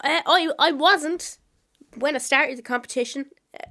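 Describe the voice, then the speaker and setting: A woman's voice: high-pitched, normal speed, pushed and bright. A young woman, an actress guest, chatting casually with a self-deprecating, laughing manner. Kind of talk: casual interview.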